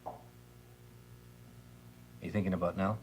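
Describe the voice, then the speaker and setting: An earnest, heartfelt widower in a soap opera. His voice is fairly low and reflective, with a faint hiss under it. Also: fairly even intonation, unhurried.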